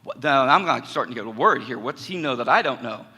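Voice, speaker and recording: A man's voice: mid-range voice, quick pace, breathy edge. A middle-aged man, a communication professor, giving a conversational personal testimony to a college audience in a chapel hall. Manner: storytelling, animated and conversational.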